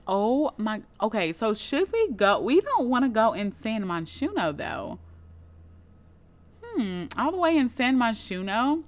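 A woman's voice: on the high side, very animated, moderate pace. A young woman giving casual, rambling commentary on a life-simulation game she is playing. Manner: chatty, rambling, many "like" fillers. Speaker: gameplay video creator. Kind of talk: casual let's play commentary.

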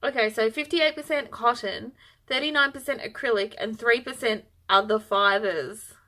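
A woman's voice: on the high side, normal speed, bright, forceful tone. A woman vlogger chatting through an unboxing, bubbly and gushing, easily overexcited. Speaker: yarn vlogger. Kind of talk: casual unboxing chat.

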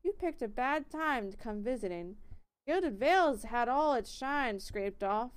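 A woman's voice: a little high, lively intonation, unhurried, clear, resonant tone. Woman doing a country elven miller. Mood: worried. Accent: put-on country accent. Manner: worried, rambling complaint. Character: frightened stocky elven miller man.

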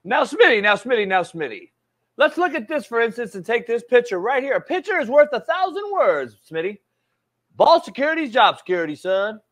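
A man putting on a loud, high-pitched football coach voice that scolds a player and keeps calling him "son". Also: very animated, a little fast, exaggerated voice. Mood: scolding. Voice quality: shouts and drawls "son" at the end of lines. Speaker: sports show host. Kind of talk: film-breakdown sports commentary.

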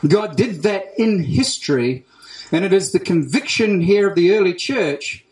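An Australian man preaching a sermon as pastor, emphatic, repeating key phrases with deliberate pauses. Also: high-pitched, a little mellow. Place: church hall. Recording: roomy church hall echo.

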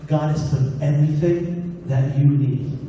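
A man's voice: on the high side, fairly even intonation, unhurried, warm tone, far from the mic, soft background music. A man pastor preaching a sermon in a conversational way, acting out his own prayers to God. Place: church hall. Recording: echoey hall recorded from afar.

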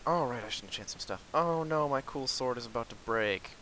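A young man jokes his way through gameplay commentary, ribbing his friend. His voice is bright and edged, with a faint hiss behind it from a home microphone. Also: mid-range voice, fast, rough recording. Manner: joking, teasing banter. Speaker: channel host.

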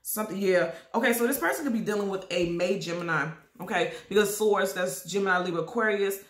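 A woman giving a casual tarot reading to her viewers, talking emphatically and repeating herself, and she keeps coughing and clearing her throat. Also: mid-range voice, quick pace, roomy sound. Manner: repetitive, emphatic, addresses viewers directly. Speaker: tarot reader.

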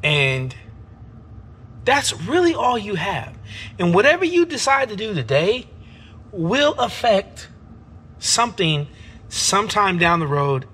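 A man's voice: high-pitched, big pitch swings, takes it slowly, long pauses, slightly rough. A man talking to camera in a reflective personal vlog, earnest and emphatic, using casual slang. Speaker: vlogger. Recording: music playing loudly behind the voice. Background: background music.

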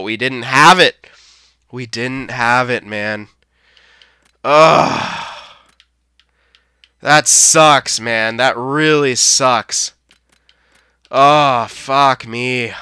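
Young man, gaming commentary, foul-mouthed, swings between yelling and muttering, bright crisp voice, dry close mic. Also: medium pitch, drawn-out words, pauses often, dry recording. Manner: swears a lot, swings from shouting to deflated muttering. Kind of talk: live gameplay commentary.

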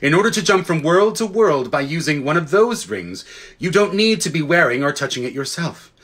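A man reading a children's fantasy book aloud in an expressive, lively way, with casual asides to listeners. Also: fairly high pitch, moderate pace. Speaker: audiobook reader. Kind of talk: storybook read-aloud.

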